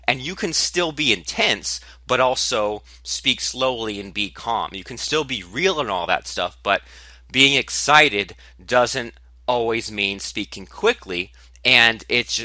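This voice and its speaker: Bright, candid male podcast host. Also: mid-range voice, dry recording. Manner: candid, self-deprecating, animated emphasis. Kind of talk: solo podcast monologue.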